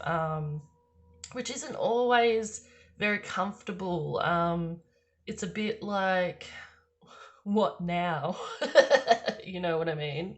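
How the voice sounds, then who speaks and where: A young woman giving a casual tarot reading in a chatty, rambling way, swearing freely and filling gaps with "um" and "like". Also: lowish voice. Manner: rambling, chatty and swearing, with frequent laughs and fillers. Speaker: tarot card reader.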